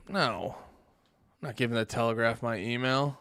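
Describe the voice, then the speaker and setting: A man's voice: medium pitch, vocal fry. A male livestream host giving casual commentary, profane and sarcastic, often breaking into laughter as he reacts. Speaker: streamer host.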